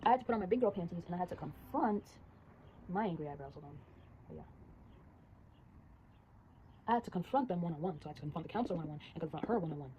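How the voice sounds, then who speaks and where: A teenage girl chatting casually and rapidly, telling a story while drawing and acting out the voices of the people in it. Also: lowish voice, expressive, muffled recording, a little hiss or hum. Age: teens. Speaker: storyteller vlogger.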